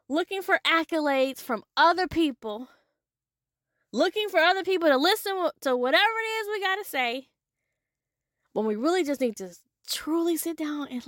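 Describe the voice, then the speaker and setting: High-voiced animated woman podcaster. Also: no room sound, clean studio sound. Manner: animated, swinging from loud to soft; casual, with profanity and y'all. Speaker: podcast host. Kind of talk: solo motivational podcast monologue.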